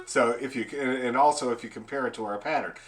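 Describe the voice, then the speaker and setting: A male fiddle teacher giving an online lesson, explaining bowing patterns and counting beats aloud in a relaxed, explanatory way. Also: medium pitch, brisk, over loud music.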